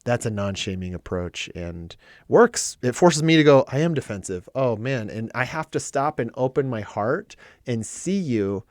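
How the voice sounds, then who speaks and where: A man's voice: mid-range voice, expressive, a little slow, darkish tone, no echo, clean studio sound. A man in casual talk about relationships, candid and self-deprecating about his own habits. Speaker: co-host.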